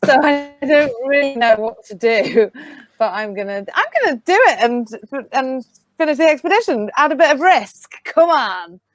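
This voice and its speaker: A woman's voice: high-pitched, animated, moderate pace. A woman playing a board game over a video call, chatty and self-deprecating, laughing at herself. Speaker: game player. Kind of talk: casual banter on a streamed game.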